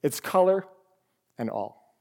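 A man delivers a sermon at an unhurried, deliberate pace in a slightly raised voice. He presses his points with emphatic rhetorical questions. His words ring out with the long reverb of a large hall. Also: high voice, expressive. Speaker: pastor.

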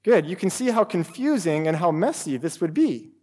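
A man's voice: high-pitched, sing-song, normal speed, a little mellow, in a large hall. A man preaching a sermon, explaining scripture with emphatic rhetorical questions. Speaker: pastor.

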